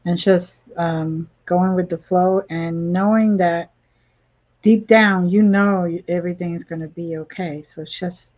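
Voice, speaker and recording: A woman hosting an interview, speaking slowly and supportively to her guest. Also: on the low side, fairly even intonation, lo-fi sound. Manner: slow, affirming, supportive. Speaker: host. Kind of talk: podcast interview.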